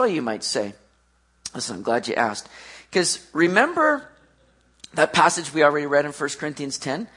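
An animated preacher works through a sermon in a husky voice of middle pitch. Points build up loud and high, then settle into quiet, low closes.

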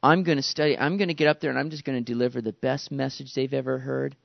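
A man's voice: medium pitch, steady tone, fast, gravelly, no room sound, pitched below the performer's own voice. Cocky young preacher, voiced by a man, boastful and self-assured, dull dry sound. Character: cocky young male preacher fresh from college.

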